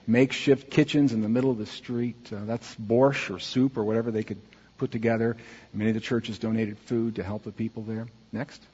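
Husky man presenting slides in a reverberant hall. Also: medium pitch, a little mellow. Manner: earnest, calls out "next" for each slide, many fillers. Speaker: church mission speaker presenting slides. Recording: dull, muffled audio with long hall reverb.

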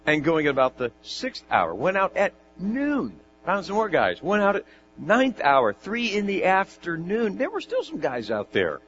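A man preaching a sermon, lively, with joking asides and questions to his listeners. His voice sits at an ordinary pitch. The recording sounds dull and lo-fi, with a faint mains hum underneath. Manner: animated, jokey asides and rhetorical questions.

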